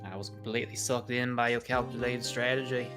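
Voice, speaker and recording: A woman voicing a big, calm male acrobat in a wheelchair, reading game dialogue in a measured, courteous, resigned way. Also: a bass voice, voice pushed down. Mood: composed. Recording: game music playing behind.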